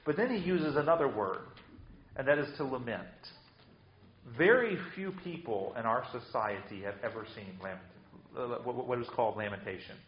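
A man's voice: medium pitch, animated, normal speed, roomy sound, muffled recording. A man preaching a sermon with emphatic delivery, often repeating words as he restarts. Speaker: pastor.

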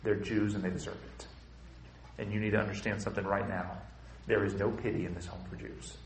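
A man's voice: on the low side, steady tone, a little fast, echoey room, slight background noise, voice pushed down, close to an everyday voice. A man voicing a stern, hateful father who lectures his child.

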